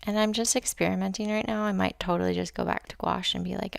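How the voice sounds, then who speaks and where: A woman's voice: mid-range voice, steady tone, normal speed, vocal fry, dry recording, studio quality. A young woman chatting casually to herself and her viewers while painting on a livestream, rambling and swearing, often dropping into a whisper. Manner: rambling, self-talk, swears, drops to whispers. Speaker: streamer painting live.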